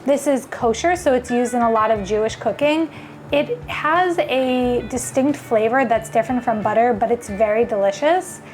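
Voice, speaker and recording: A woman's voice: fairly high pitch, moderate pace, darkish tone, soft background music. A woman hosting a casual cooking vlog, chatting enthusiastically as she cooks in her home kitchen. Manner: chatty and enthusiastic, thinks aloud while cooking. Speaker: cooking video host.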